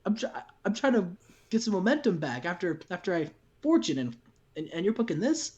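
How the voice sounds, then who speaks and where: A man's voice: sits high, very animated, brisk, darkish tone, muffled recording, voice pushed up. A man voicing a frustrated young male wrestler who complains to his father with stammering restarts. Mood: exasperated.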